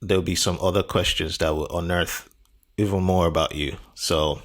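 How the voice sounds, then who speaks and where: A man with a deep, low-set voice hosts a casual podcast interview. He talks in an upbeat, relaxed way and often repeats words for emphasis. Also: moderate pace. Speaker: podcast host.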